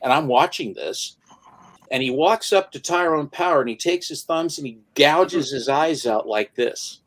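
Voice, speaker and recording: A man's voice: fairly high pitch, lively intonation, unhurried, low-quality recording. Older man, vivid storyteller, acts out the scenes, casual chat. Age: 70s.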